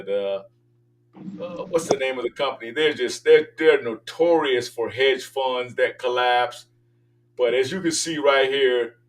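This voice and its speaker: A man's voice: mid-range voice, fairly bright tone, far from the mic, a little hiss or hum. An older man hosting a political talk show, delivering an emphatic, preachy opinion monologue.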